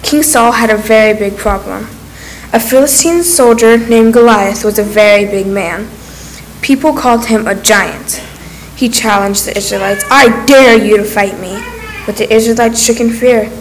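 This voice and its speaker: A woman's voice: fairly high pitch, normal speed, a little hiss or hum, low-quality recording. Woman reading a children's Bible story.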